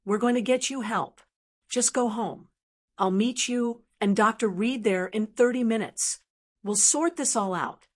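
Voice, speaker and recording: A woman's voice: on the high side, measured pace. A woman reading the lines of a manipulative adult son who speaks in a cooing, condescending way. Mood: soothing.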